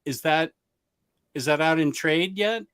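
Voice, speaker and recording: A man's voice: fairly high pitch, unhurried, fairly bright tone, smooth, no room sound, clean studio sound. A man hosting a casual livestream, reading out viewer comments with rambling, self-mocking asides and laughs mid-sentence. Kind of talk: casual chat.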